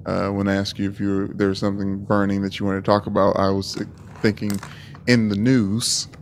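A man's voice: on the low side, monotone, moderate pace, a little hiss or hum. A man co-hosting a casual podcast chat from a remote line, easygoing and searching for his words. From Florida, USA. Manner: easygoing, with many fillers and restarts. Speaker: podcast co-host.

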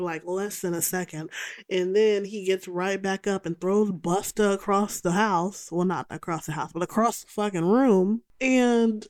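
A woman tears through a film recap in a casual, sarcastic, exasperated tone, swearing freely as she goes. Her voice sits mid-range but leaps high whenever she gets worked up. It is close-miked in a dry room with no echo. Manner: lively, jumps to high exclamations. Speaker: podcast host recapping a film.

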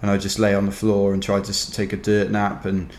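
A man's voice: fairly low pitch, monotone, fairly quick, darkish tone. A Welsh man telling a rambling, wry story in casual chat, dotted with "kind of" and "you know". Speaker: ultrarunner guest. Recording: roomy echo.

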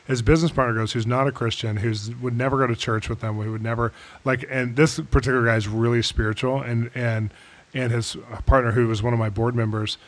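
A man's voice: mid-range voice, a little fast. A man hosting a podcast interview, telling a story with rising enthusiasm. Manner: animated storyteller, swells with enthusiasm. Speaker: podcast host.

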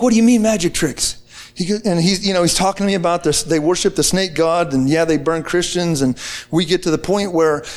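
A man from the United States telling a testimony to a group in an excited, casual way, with slang and many restarts. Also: sits high. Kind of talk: animated storytelling to a group.

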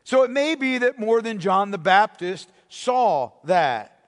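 A man's voice: high-pitched, sing-song, slow pace, in a large hall. A male pastor preaching a sermon, explaining scripture and checking in with "okay?".

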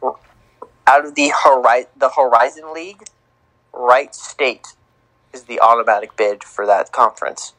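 A man's voice: mid-range voice, unhurried, pauses often, a bit bright, poor audio. A man co-hosting a casual sports podcast, announcing tournament teams in a playful, sing-song way. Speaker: podcast co-host.

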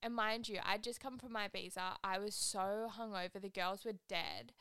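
A woman's voice: mid-range voice, animated, moderate pace, sharp tone, smooth, no room sound. A young woman hosting a solo podcast. She chats and rambles casually, saying "like" constantly. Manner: chatty, rambling, heavy use of "like". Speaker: podcast host.

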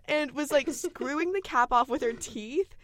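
A woman's voice: high voice, measured pace. A young woman, telling a funny story as a podcast co-host and laughing often. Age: young adult. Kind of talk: casual storytelling chat.

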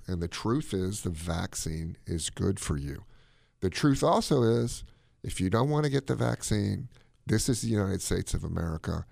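A man co-hosting a podcast, talking his opinions in a casual, animated way. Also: low-pitched, vocal fry, no room sound, studio quality. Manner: animated, opinionated, drops into playful put-on accents. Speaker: podcast co-host.

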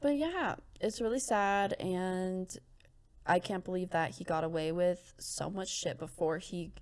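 A young woman co-hosting a casual true-crime podcast, reading quotes aloud with soft laughs and many fillers. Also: on the low side, measured pace. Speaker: podcast co-host.

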